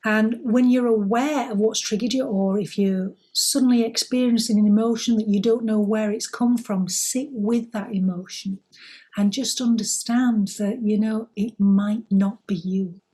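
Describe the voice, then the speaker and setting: A woman co-hosting a spiritual talk, giving gentle, reassuring advice. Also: medium pitch, steady tone, unhurried, slightly rough. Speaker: spiritual co-host.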